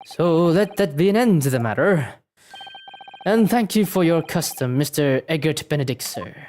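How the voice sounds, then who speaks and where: A man voicing a pompous, refined gentleman with slow, drawn-out, haughty speech in a detective game. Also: a little high, expressive, a little hiss or hum, natural voice.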